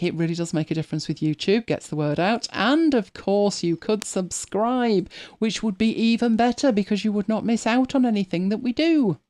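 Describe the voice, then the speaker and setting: A woman's voice: fairly low pitch, darkish tone. A British woman hosting a live show in casual chat, telling rambling stories with frequent restarts and self-corrections. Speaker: host.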